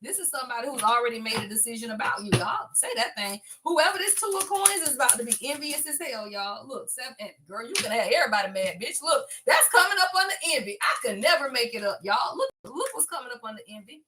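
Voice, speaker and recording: Woman, tarot reader, high lively voice, profane, hype energy. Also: fast talker, few pauses, background noise. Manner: excitable, profane, laughs and exclaims often; talks straight to viewers as y'all. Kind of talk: casual tarot reading to camera.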